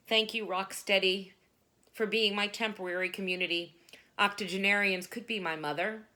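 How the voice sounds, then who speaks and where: A woman performing spoken word poetry in a dramatic, emphatic way. Her voice sits at an ordinary pitch for a woman, and she breaks into sudden loud bursts between quieter reflective phrases. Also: steady tone, normal speed.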